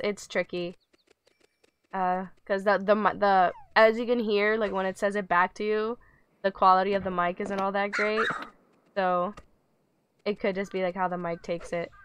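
A woman's voice: mid-range voice, normal speed, fairly bright tone, clear, resonant tone. A woman streaming a pet video game, coaxing her virtual dog with giggly, chatty commentary. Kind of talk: casual game livestream commentary.

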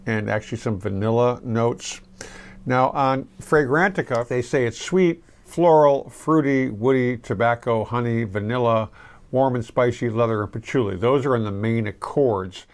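Reviewing a fragrance on camera, this middle-aged man keeps things loose and relaxed, rambling and restarting often. His voice sits at a medium pitch.

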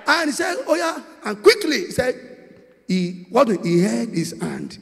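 Nigerian man, preacher, sermon, high voice, call-and-response, church reverb. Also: sing-song, unhurried, gravelly. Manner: shifts from quiet storytelling to shouted prayer; asks the congregation call-and-response questions. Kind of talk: sermon with prayer. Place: large church with long reverb.

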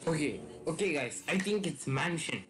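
A man giving excitable, casual commentary while playing a video game, often shouting and accusing other players. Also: on the high side, moderate pace, low-quality recording. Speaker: gaming video host.

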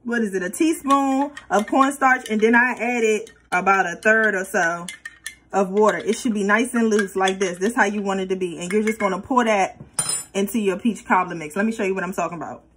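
A woman's voice: mid-range voice, a little fast, a bit bright, slight background noise, rough recording. A woman hosting a casual cooking tutorial, chatty and playful, talking straight to her viewers. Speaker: cooking vlogger.

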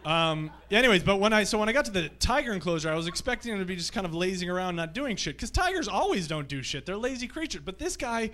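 A male stand-up comedian working a live theatre crowd with loose, profane anecdotes. His voice sits a little high and cuts through with a bright, forceful edge. He drifts from story to story in an easy, offhand way. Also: sing-song, quick pace, few pauses. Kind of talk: stand-up set. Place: comedy theatre stage before a live audience.

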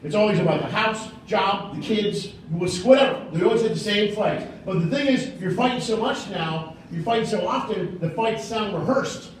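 A man's voice: high-pitched, moderate pace, few pauses, a little hiss or hum. A man in his forties doing a brash, profane stand-up set in a comedy club, teasing the crowd. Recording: echoey club room, mic far off. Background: audience murmur and laughter.

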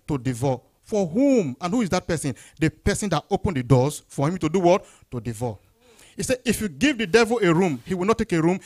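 A pastor delivers a Sunday sermon, tossing out questions and answering them himself. His higher-pitched voice rises loud and then drops low and soft, with a very lively, animated swing. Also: quick pace. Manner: call-and-response questions, rising then dropping low.

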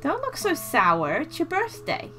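A woman voicing a gentle, caring mother figure in a game, in a calm, motherly delivery. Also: high voice, a little slow, voice pushed up, exaggerated voice. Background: game music.

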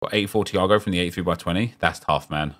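A young man streaming a football game, chatting with viewers and reacting loudly to what he opens. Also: low-pitched, fast talker. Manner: chatty, reads chat aloud, gets loud and excited at good pulls. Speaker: gaming streamer. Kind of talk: live stream commentary opening game packs.

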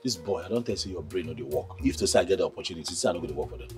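An actor with a Nigerian accent playing a proud family cook who answers back in quick, indignant bursts. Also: male voice, sits low, faint music behind, lightly acted. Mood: scornful. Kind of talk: film acting.

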